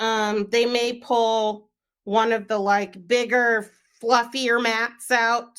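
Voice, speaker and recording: A young woman co-hosting a sports podcast, chatting casually and filling pauses with "um" and "like". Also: fairly high pitch, clear, resonant tone. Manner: chatty, frequent "um" and "like" fillers.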